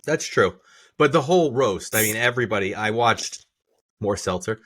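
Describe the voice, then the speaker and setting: A man's voice: lowish voice, normal speed, no room sound. Brief: man, podcast host, loose and chatty, laughs a lot, dry close mic. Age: adult parent. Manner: laughs often, animated retelling of jokes. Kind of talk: casual chat. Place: home room. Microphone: camera and mic at home.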